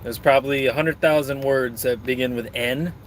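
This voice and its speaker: A man's voice: medium pitch, steady tone, moderate pace, a little hiss or hum. A man streaming and reading his chat, rambling in a crude, joking way while snacking.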